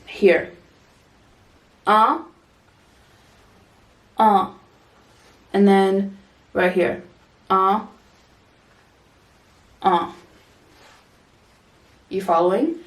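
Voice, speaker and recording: A woman's voice: medium pitch, drawn-out words, pauses often. Chatty woman in an echoey room. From Toronto, Canada. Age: 30s. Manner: chatty, direct, instructive. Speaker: vlogger. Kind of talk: casual makeup tutorial. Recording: echoey room, distant mic.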